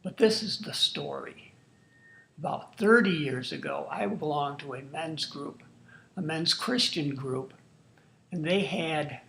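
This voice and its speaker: A grandfather tells his grandchildren a true family story, folksy, earnest and full of wonder, in casual spoken storytelling. His voice is a little high and a bit bright, with vocal fry, and the room gives a roomy echo.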